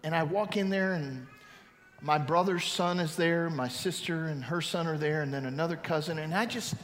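A pastor in his fifties preaching a storytelling testimony, swinging from loud to hushed. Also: fairly high pitch, normal speed, slight background noise. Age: 50s. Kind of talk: sermon. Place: large church hall. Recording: reverberant hall, faint ambience.

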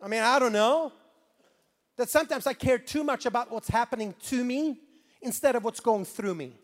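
A man from Sweden with a Swedish accent, preaching a sermon as pastor, animated and swinging between quiet asides and loud preaching. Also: very high voice, moderate pace, big-room sound.

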